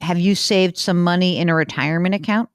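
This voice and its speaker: Brisk, teasing woman radio host. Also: lowish voice, fairly even intonation, no room sound, clean studio sound. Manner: brisk, teasing, asks pointed questions. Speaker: podcast host, money advice. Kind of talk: casual radio call-in chat.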